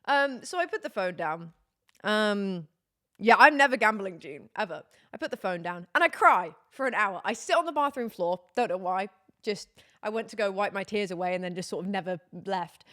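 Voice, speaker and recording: A woman's voice: mid-range voice, expressive, moderate pace, fairly bright tone. A young woman, chatting candidly with her stream viewers, wry and laughing through her complaints. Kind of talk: casual chat to stream viewers.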